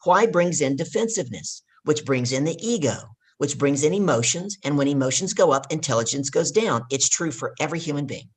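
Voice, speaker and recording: A woman's voice: sits low, expressive, fairly quick, few pauses, husky. A woman guest and leadership coach in an interview, telling stories with emphatic, teaching delivery. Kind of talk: casual interview talk.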